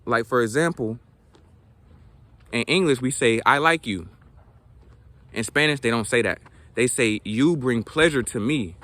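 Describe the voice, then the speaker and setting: Earnest young man with a bright voice. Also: medium pitch, unhurried, pauses often, no echo. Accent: Southern US. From South Georgia, US. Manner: earnest and reflective, many fillers and restarts. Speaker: language vlogger. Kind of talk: casual talking-to-camera vlog.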